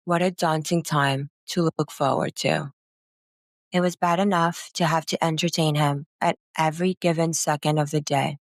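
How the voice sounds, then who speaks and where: A woman with a very low, gravelly voice reads a first-person memoir at a slow, unhurried pace. Her delivery is somber, and the recording is dry and close. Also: fairly even intonation, dry recording. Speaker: narrator.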